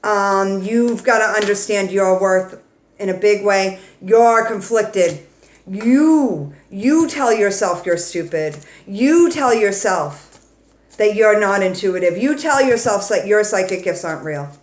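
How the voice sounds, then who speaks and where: A woman giving a casual tarot reading to camera, blunt and swearing freely but warm and emotional toward her viewers. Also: mid-range voice, lively intonation, takes it slowly, reverberant. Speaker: tarot reader.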